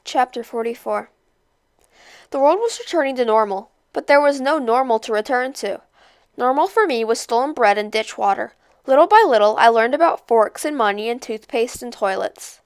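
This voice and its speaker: Woman reading a novel aloud, expressive, fairly high voice, smooth, dry close sound. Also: normal speed, no echo. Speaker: read-aloud host.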